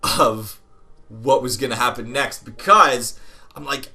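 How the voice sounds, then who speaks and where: Bright-voiced, profane gaming storyteller man. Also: medium pitch, slow pace. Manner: rambling, profane, often laughing. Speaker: gaming video host. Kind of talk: casual storytelling over gameplay.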